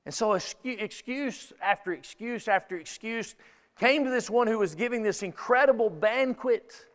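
A man preaching a sermon as pastor, telling stories in an animated way, acting out quotes and laughing along. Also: high-pitched, moderate pace, big-room sound. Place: church sanctuary.

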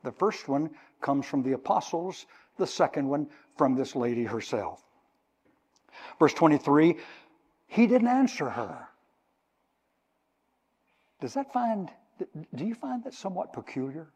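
A man's voice: a little high, very animated, normal speed, darkish tone, slightly rough. An older man preaching a sermon in a church, emphatically explaining Greek words. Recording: long reverb of a hall.

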